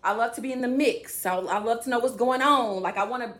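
A woman's voice: on the high side, fairly quick, fairly bright tone. Woman, faith vlogger, rambling casual chat to camera. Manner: chatty, rambling, addresses viewers directly.

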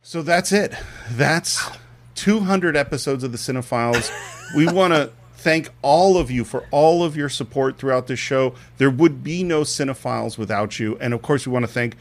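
A man's voice: mid-range voice, moderate pace. Earnest man co-hosting a podcast. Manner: earnest, openly emotional. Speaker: podcast co-host. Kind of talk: casual reflective talk.

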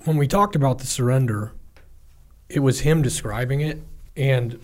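A man's voice: medium pitch, normal speed, a little mellow. A man co-hosting a podcast, retelling a story in an enthusiastic, loose way with lots of fillers. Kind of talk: casual podcast chat.

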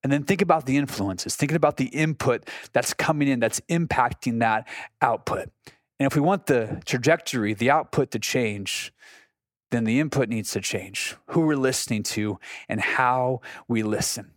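A man's voice: mid-range voice, moderate pace, dry recording, clean studio sound. Earnest man hosting a faith podcast. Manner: earnest and conversational, with frequent restarts. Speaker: podcast host. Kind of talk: reflective devotional talk.

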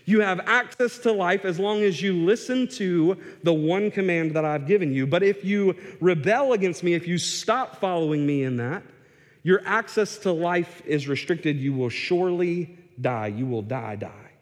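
Man preaching with an emphatic, slightly high voice. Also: normal speed. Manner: emphatic, repeats words for stress, with fillers and restarts. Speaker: pastor. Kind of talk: sermon. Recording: echoey hall reverb.

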